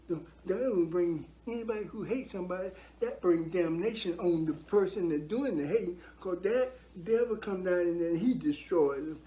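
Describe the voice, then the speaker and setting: An older man with a high, warm voice gives a heartfelt testimony about his faith. He's earnest and preachy, repeating himself for emphasis.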